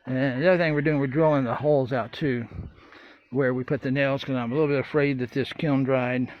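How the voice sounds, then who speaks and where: A man's voice: mid-range voice, fairly even intonation, a little fast. A man giving a casual, rambling walkthrough of his boat-building work in an open-air workshop, with many fillers and folksy asides. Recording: dull lo-fi audio, loud roosters and traffic.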